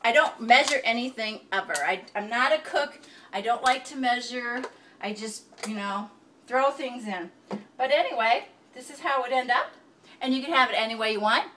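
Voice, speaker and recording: A woman's voice: on the high side, normal speed, bright, forceful tone. A woman giving a casual, rambling cooking demonstration in her home kitchen, talking straight to the viewer. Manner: chatty, rambling, self-deprecating. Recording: distant mic with clear background noise.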